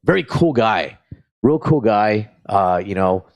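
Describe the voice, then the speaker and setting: Lower-voiced comedian telling stories. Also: male voice, unhurried. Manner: profane, rambling, animated retelling. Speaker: guest comedian. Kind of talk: casual storytelling.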